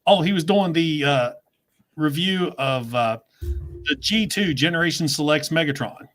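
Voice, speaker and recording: A man with a Southern US accent hosting a casual chat, telling stories quickly and laughing often. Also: on the high side, fairly bright tone, faint music behind. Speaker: host.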